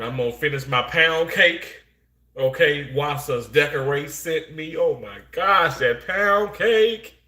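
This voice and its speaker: A man's voice: mid-range voice, bright, forceful tone. A man, hosting a livestream and chatting to viewers in a rambling, heartfelt way with many restarts. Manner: Southern-flavored speech, says y'all. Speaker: livestream host. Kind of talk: casual chat to live chat viewers. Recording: roomy echo.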